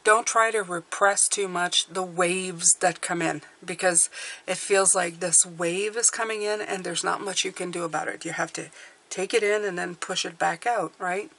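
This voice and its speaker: A woman's voice: lowish voice, fairly even intonation, moderate pace, sharp tone. Chatty woman giving a tarot reading. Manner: reassuring, chatty, many fillers and restarts. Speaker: tarot reader. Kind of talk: casual spoken tarot reading.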